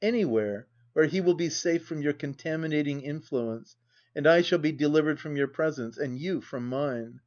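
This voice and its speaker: A wronged young wife speaks coldly and with dignity, voiced by a man reading aloud. The voice sits a touch high and stays controlled and measured. The recording is dull and lo-fi. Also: a little mellow, close to an everyday voice. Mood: resolute.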